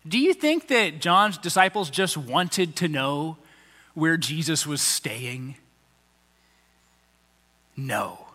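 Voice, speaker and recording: A man's voice: fairly high pitch, expressive, measured pace, long pauses, sharp tone, big-room sound. A man preaching a conversational sermon as pastor, acting out the people he quotes in little voices.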